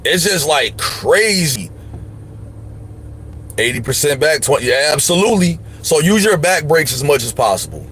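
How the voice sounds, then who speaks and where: A man's voice: a little high, big pitch swings, moderate pace, a bit bright, slight background noise. A man hosting a livestream, giving emphatic, slangy advice in casual chat. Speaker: livestream host.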